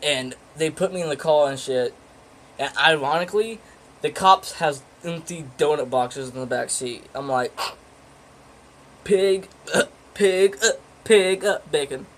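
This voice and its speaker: A man's voice: fairly high pitch, moderate pace, fairly bright tone, slight background noise, low-quality recording. A teenage guy casually telling a story in a rambling, profane way, full of fillers and restarts. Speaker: vlogger.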